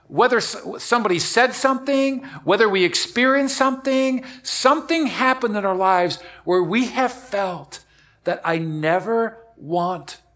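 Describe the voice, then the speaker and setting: A male pastor preaching a sermon to a church and online audience, moving from hushed, slow lines to loud, repeated emphatic phrases. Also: high voice.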